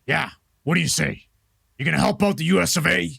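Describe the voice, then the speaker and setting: A brash American official bellows threats and curses down the line, as a man acts him out. His voice is high, bright and very gravelly, with a husky grain. His pitch swings widely as he rants. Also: a little fast, exaggerated voice. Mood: bullying. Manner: bellowing, swearing, bullying. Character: hot-headed cursing male American official named Jim.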